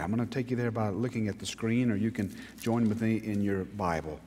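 A pastor delivering a sermon, his voice leaping up and dropping low again with lively, animated pitch. He pauses dramatically, builds to emphatic peaks and speaks directly to his listeners, inviting them to repeat after him. A long reverb hangs behind him, as in a large church sanctuary.

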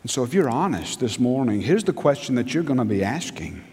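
Guy preaching, pitch leaps up on the questions, big echoey church sound. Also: sing-song, a little fast, a little mellow. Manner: emphatic preacher, rhetorical questions, sudden jumps up in pitch. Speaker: pastor. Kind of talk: sermon. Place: church sanctuary. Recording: long reverb of a large hall.

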